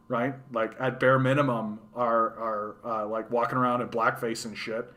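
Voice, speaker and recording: Profane, bright-voiced ranting man. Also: medium pitch, normal speed. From Canada. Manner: profane, animated, mocking quoted voices. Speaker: livestream host. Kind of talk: casual ranting monologue.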